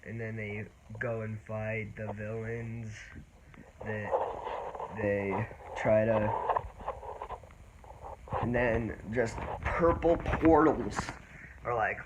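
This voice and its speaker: A man giving a casual spoiler movie review, rambling and halting with many restarts. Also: fairly low pitch, steady tone, muffled recording. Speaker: vlogger. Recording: noisy background.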